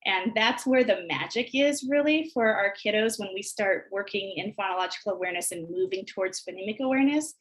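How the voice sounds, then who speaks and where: A woman presenting a teacher training session, calmly explaining early literacy activities and modeling phrases slowly as if for young children. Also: mid-range voice, poor audio. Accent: American. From United States. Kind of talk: instructional webinar walkthrough.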